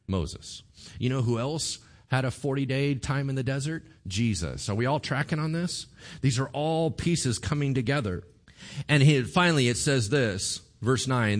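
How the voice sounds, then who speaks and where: A man preaching a sermon, retelling a story in an animated way and acting out the voices of the people in it. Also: mid-range voice. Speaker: pastor.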